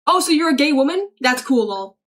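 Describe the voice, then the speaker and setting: High-voiced woman reading stream chat. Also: expressive, brisk, fairly bright tone. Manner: chatty, reacts aloud while reading messages; swears freely, frequent laughter. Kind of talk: casual livestream chat reading.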